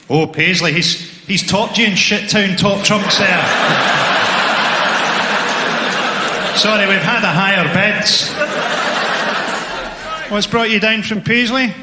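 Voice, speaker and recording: Amid heavy background noise, a high-voiced man does crowd work onstage, mocking people in the front row with sardonic insults. The club hall echoes and the audience laughs loudly throughout.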